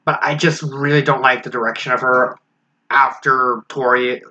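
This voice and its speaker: A man's voice: medium pitch, little pitch movement, moderate pace, sharp tone. A man giving a casual spoken review of a fan story, frank and critical, thinking aloud as he goes. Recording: slightly dull lo-fi recording with faint hiss.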